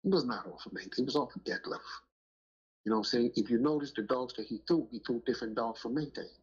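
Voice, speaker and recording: Husky-voiced man telling blunt stories. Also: medium pitch, fast, darkish tone. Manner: emphatic, street slang, keeps asking "you know what I'm saying". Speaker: dog breeder on a podcast talk show. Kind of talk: casual storytelling chat. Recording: muffled lo-fi audio.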